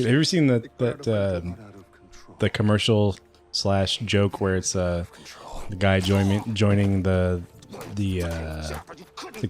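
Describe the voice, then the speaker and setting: A young man commentating a video game with his brother, joking around and telling stories. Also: deep voice. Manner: jokey, tells stories, does goofy voices. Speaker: gaming channel co-host. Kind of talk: casual let's-play commentary.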